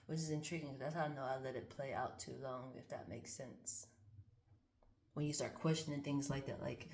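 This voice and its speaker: A woman's voice: rumbling low, brisk, darkish tone, reverberant. A woman reading cards and thinking aloud in a casual, candid way, swearing freely as she muses. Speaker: card reader. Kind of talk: casual spiritual card-reading monologue.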